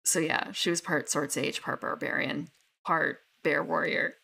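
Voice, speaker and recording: A woman's voice: sits low, steady tone, measured pace, gravelly, sharp tone, slightly rough. A young woman chatting casually about her tabletop characters, rambling with many fillers and restarts. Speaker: tabletop gamer. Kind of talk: casual chat.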